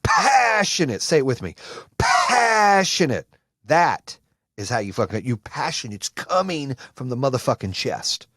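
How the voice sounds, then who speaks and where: A man hosting a podcast, giving an intense, profane motivational monologue with shouting bursts. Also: mid-range voice, lively intonation, moderate pace, no echo. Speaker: podcast host.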